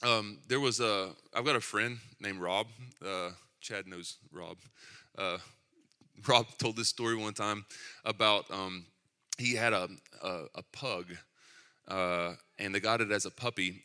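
A middle-aged pastor preaches in church, conversational and joking between points, dropping self-deprecating asides about his kids. His voice is fairly low, smooth and sharp in tone, and his delivery a little slow.

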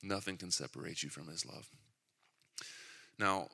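A man's voice: deep voice, unhurried, gravelly, sharp tone. A middle-aged man preaching a sermon in a church, conversational and joking between points, with asides about his kids. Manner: conversational, self-deprecating asides. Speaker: pastor.

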